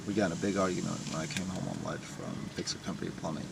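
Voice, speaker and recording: A man's voice: sits low, fairly even intonation, rapid-fire, gravelly, hardly any pauses. A man talking in a raw, emotional personal confession, blunt and profane. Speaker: vlogger. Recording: distant mic with vehicle noise.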